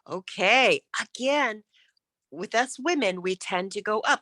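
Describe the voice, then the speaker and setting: A woman coaching speakers in an online workshop, encouraging them and demonstrating how to end sentences with a falling pitch. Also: lively intonation, unhurried, sharp tone, no room sound.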